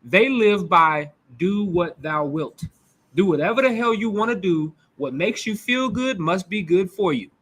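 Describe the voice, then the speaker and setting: Man preaching bible study, blunt and crude, kinda high voice. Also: lively intonation, unhurried, fairly bright tone, husky. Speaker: Bible class teacher.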